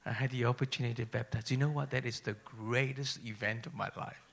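Gravelly-voiced Malaysian-raised pastor. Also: male voice, fast. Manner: emotional storytelling, voice dropping to whispers and rising to excited highs. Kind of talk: sermon testimony.

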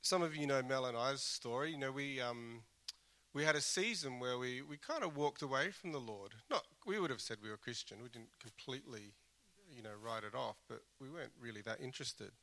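A pastor preaches in a bright, forceful, mid-range voice at a slightly fast pace. Earnest and conversational, he restarts phrases as he thinks aloud and now and then slips in a dry, self-deprecating joke.

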